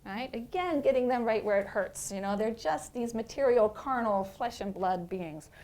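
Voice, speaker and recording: A middle-aged woman professor giving a lecture. She talks in an animated, playful way and checks in with "right?" as she goes. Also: a little high, moderate pace. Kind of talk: lecture on religious texts.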